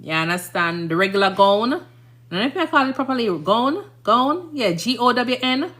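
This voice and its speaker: A woman's voice: a little high, a little fast, a bit bright. A woman in her thirties with a Jamaican accent, a nurse chatting casually on a live stream, rambling and often asking "you understand?".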